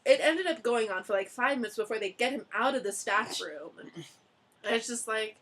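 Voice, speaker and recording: Young woman, casual chat among friends, lively storyteller voicing others' lines, a touch high-pitched. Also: normal speed, slight background noise. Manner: animated storyteller, acts out quotes, laughs often. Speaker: ALT teacher sharing stories.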